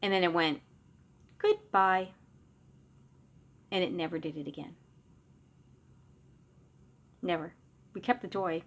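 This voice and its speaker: A woman's voice: fairly low pitch, normal speed, long pauses. Middle-aged woman telling a personal story. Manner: conversational, with frequent restarts and trailing asides. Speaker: psychic medium.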